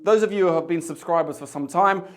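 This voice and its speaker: A man's voice: a little high, quick pace. A man, a bartender, chatting casually to camera as he tastes cocktails, with jokey asides. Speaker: bartender host. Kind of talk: casual tasting chat to camera.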